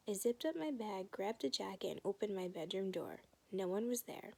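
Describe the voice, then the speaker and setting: A woman reading a children's novel aloud in a soft, often half-whispered way. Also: medium pitch, lively intonation, normal speed, vocal fry, few pauses. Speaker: reader.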